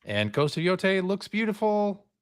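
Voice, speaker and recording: Guy on a gaming podcast, excited and rambly, lots of uhs. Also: high voice, moderate pace, clean tone. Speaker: podcast co-host. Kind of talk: casual chat.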